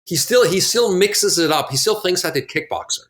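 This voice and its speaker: A middle-aged man recounts his early career in a relaxed interview. He tells it animatedly, slipping into other people's lines as he goes, with an easy, casual delivery. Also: sits high, a little fast. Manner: animated, acts out quotes from others, laughs often. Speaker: podcast guest, actor.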